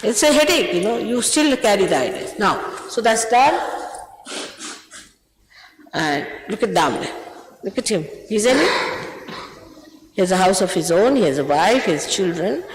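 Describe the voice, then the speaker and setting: A woman's voice: mid-range voice, sing-song, moderate pace, long pauses, echoey room, long reverb tail, slight background noise, rough recording. An older woman, a spiritual teacher, scolding and urging her followers, emphatic, often repeating herself and laughing between remarks.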